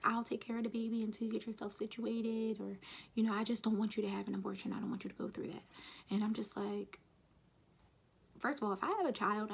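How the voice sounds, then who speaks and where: A woman's voice: medium pitch, gravelly, husky. A young woman telling a personal story in a casual, chatty vlog, talking frankly and quoting the people around her as she goes. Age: young adult. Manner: chatty, frank, quotes others in passing. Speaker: vlogger.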